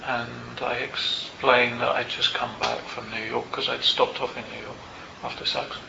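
An older man, a meditation teacher, tells a personal story to a group in a Buddhist centre, in a reflective and unhurried way with small asides. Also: medium pitch, little pitch movement, creaky, background noise. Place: Buddhist centre meeting room. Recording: roomy, slightly dull hall recording.

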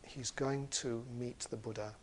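A man who is a Buddhist teacher, telling a story in a dharma talk in a relaxed way with many pauses and fillers. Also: medium pitch.

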